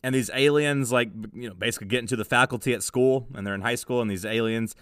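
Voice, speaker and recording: A man's voice: mid-range voice, fast talker, a bit bright, smooth, no room sound, studio quality. A young man co-hosting a casual podcast, telling a rambling story and laughing easily. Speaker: podcast co-host.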